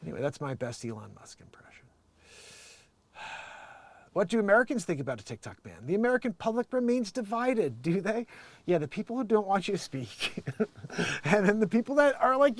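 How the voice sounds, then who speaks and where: A man hosting his own talk video in a loose, rambling manner. His voice sits a bit high, and he laughs often and slips into put-on voices for the people he quotes. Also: very animated, normal speed, long pauses. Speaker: video host. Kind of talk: casual political commentary.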